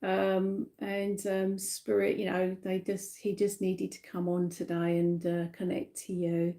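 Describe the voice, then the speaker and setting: A middle-aged woman giving a live psychic reading, talking slowly and emotionally as she relays messages. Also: medium pitch, completely flat delivery, mellow. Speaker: psychic medium.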